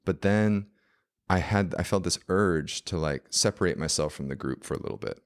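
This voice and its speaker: A man's voice: low voice, moderate pace. A man, a podcast guest, telling a story casually and animatedly, full of fillers.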